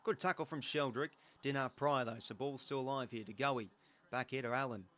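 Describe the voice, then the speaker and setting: Excitable Australian man calling footy. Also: mid-range voice, brisk. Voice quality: excitable, chatty play-by-play. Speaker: host. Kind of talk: live watch-along commentary.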